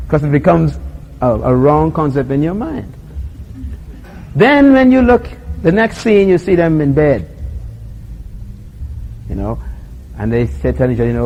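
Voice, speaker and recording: A man's voice: fairly high pitch, unhurried, pauses often, dull audio, a little hiss or hum. A middle-aged man with a Bahamian accent, preaching a sermon and acting out little scenes, laughing often as he tells them. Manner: animated storyteller, acts out voices, laughs often. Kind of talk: sermon with acted-out anecdotes.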